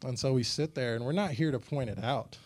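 Young guy youth pastor, chatty sermon storytelling, lots of "you know", animated. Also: medium pitch, fairly quick. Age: young adult. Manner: animated and conversational, many fillers.

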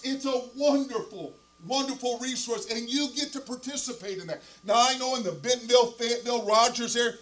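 An older man preaches to a congregation and slides into storytelling. He stresses points by repeating them and turns to the pastor with asides. His voice sits fairly high for a man. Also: fairly bright tone, poor audio. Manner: emphatic, repetitive, addresses the pastor. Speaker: guest preacher. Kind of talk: sermon with storytelling.

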